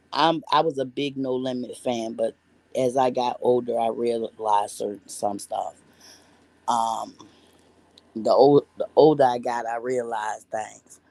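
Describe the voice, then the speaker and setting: A woman's voice: extremely low pitch, warm tone, no echo. A woman vlogger telling a story in casual commentary, blunt and profane, rambling with restarts and asides. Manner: profane, blunt and heavy on slang.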